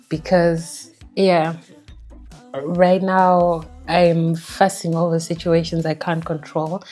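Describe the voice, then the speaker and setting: A young woman from Zimbabwe, talking candidly and reflectively in a personal vlog chat, with halting restarts. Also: fairly low pitch, a little mellow. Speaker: book vlogger.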